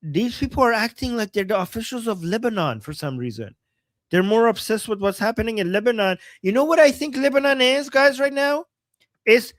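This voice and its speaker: A woman's voice: a little high, animated, brisk, no room sound. A woman co-hosting a livestream, commenting casually and animatedly, often laughing and mimicking voices. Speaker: livestream co-host.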